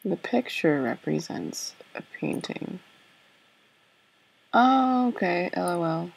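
A woman talks slowly through her own puzzle-game play. Her low voice is gravelly and husky, and she thinks aloud in a hesitant, self-doubting way, full of fillers and repeated okays. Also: very animated, low-quality recording. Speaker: let's play gamer. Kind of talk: thinking-aloud gameplay commentary.

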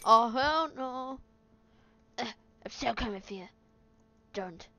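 A woman giving excitable let's play commentary, exclaiming and chattering at the game as she plays. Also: high voice, slow pace, long pauses, muffled recording. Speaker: gaming video host. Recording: game sounds and noise behind. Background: video game sound effects.

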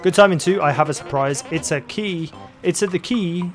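A man voicing a clumsy, cheerful plumber in a hammy mock Italian accent, whiny and pitched above his own voice. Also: moderate pace, faint music behind, natural voice. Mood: goofy.

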